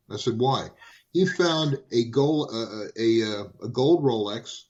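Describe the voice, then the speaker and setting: A man telling hobby stories in casual chat, lively and full of restarts. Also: mid-range voice, unhurried, muffled recording. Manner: animated, repeats and restarts phrases. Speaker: guest. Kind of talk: casual storytelling.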